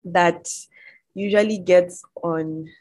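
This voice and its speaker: A young woman from Nigeria with a Nigerian English accent, chatting to camera in an animated, exasperated way. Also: lowish voice, takes it slowly, low-quality recording. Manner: animated, exasperated storytelling with mocking quoted voices. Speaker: vlogger. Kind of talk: casual chat to camera.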